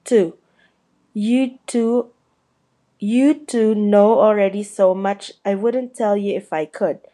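A woman reading the part of a big, gruff, proud male groundskeeper with a slow, homely, talkative way of speaking. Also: medium pitch, mellow, close to an everyday voice. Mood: proud, chatty.

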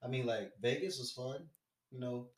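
A young man co-hosting a casual podcast, animated as he tells a story and does the other people's lines. His voice sits mid-range, and the room around him echoes. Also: medium pitch, normal speed, slight background noise. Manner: animated, acts out quoted voices loudly. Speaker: podcast co-host.

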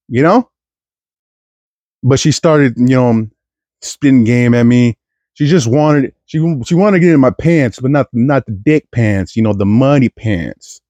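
A man's voice: mid-range voice, a little mellow, no room sound. A young man from East Texas talking into a podcast mic in a crude, self-mocking monologue full of stumbling restarts. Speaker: podcast host. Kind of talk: rambling comedic monologue.

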